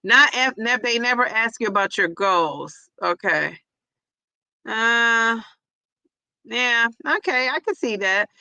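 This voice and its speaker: A woman's voice: on the high side, expressive, slow pace, pushed and bright, clear, resonant tone, no room sound. A woman hosting a casual livestream, chatty and laughing easily as she reads a quiz and viewer comments aloud. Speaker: livestream host.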